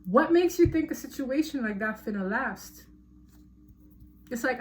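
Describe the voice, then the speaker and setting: A woman's voice: high voice, lively intonation, unhurried, pauses often, a little hiss or hum. Emphatic woman giving a tarot reading. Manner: emphatic, repeats words for stress. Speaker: tarot reader. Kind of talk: casual tarot reading to viewers.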